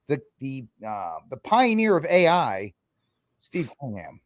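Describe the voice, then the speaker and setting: A man's voice: medium pitch, expressive, moderate pace, no echo, clean studio sound. A man hosting a casual podcast chat, joking and rambling, often laughing between points. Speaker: show host.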